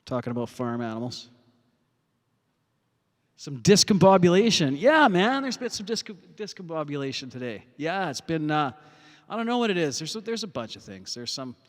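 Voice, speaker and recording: On the high side and very animated, a man talks fairly quickly with a long reverb tail while hosting a music livestream on his phone in an outdoor parking lot. Still a little winded from playing, he rambles casually, swearing often and leaning on fillers.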